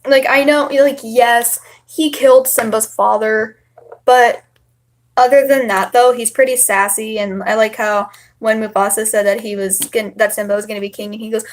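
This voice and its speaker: Young woman, slightly high-pitched, casual livestream chat, rambling, lots of fillers. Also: steady tone, normal speed. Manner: chatty and rambling, many fillers. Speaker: livestream host. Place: home.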